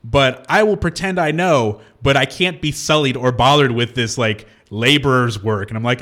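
A man's voice: medium pitch, normal speed, few pauses, a bit bright. A man co-hosting a radio show in a studio, chatting in a playful, self-mocking way. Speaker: radio co-host. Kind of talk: casual radio banter. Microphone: studio microphone.

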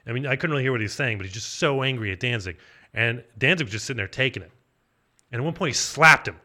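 Fast, bright-voiced rambling male storyteller. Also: medium pitch. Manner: rambling, full of "like", deadpan. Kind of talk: improvised comedic anecdote.

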